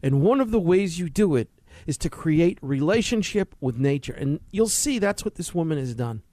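Middle-aged male talk host, blunt and preachy, slightly higher voice, dry close sound. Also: expressive, moderate pace, dark tone, no room sound. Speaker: radio show host. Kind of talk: direct-address talk show monologue.

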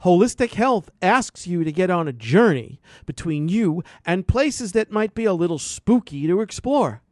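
A man's voice: sits high, big pitch swings, normal speed, dry recording, clean studio sound. Preachy man hosting a radio health show. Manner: preachy, repetitive, emphatic. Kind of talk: impassioned radio monologue.

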